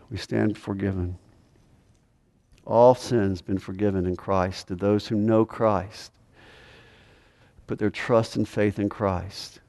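A man preaching a sermon as pastor, emphatic, swinging from hushed to loud. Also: lowish voice. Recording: long reverb of a large hall.

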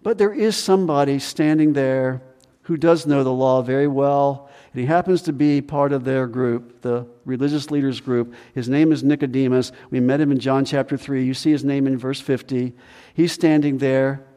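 A man preaching a sermon as pastor, animated, acting out the voices of people in the story. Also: medium pitch, moderate pace, clear, resonant tone, long reverb tail. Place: church sanctuary.

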